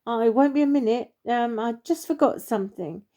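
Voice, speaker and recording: A woman voicing an eager, polite young male animal in a storybook reading, quick to apologize. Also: fairly high pitch, dark tone, natural voice.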